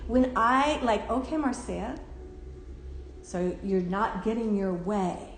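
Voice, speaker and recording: A woman's voice: fairly high pitch, slight background noise. A woman giving a casual spiritual talk to a class, candid and chatty, swearing and laughing often. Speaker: spiritual teacher. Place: temple room. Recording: roomy echo.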